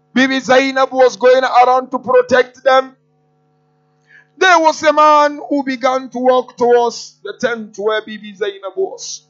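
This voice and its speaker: A man's voice: extremely high pitch, fairly bright tone. A man preaching an impassioned, mournful sermon in a mosque, often prompting his listeners with a questioning "huh?". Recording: dull lo-fi with faint music.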